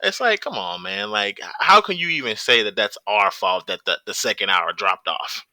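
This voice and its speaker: A man with a low, very forceful voice argues on a casual podcast, pressing his case with pointed questions. The mic sound is dry. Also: lively intonation, moderate pace, no room sound, low-quality recording. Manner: questioning, builds an argument. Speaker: podcast panelist. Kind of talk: casual chat.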